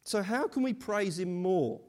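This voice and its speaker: Man, 30s, preacher; slightly high voice, slow and deliberate, warm conversational storyteller. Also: animated. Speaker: pastor. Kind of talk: sermon with scripture reading and prayer.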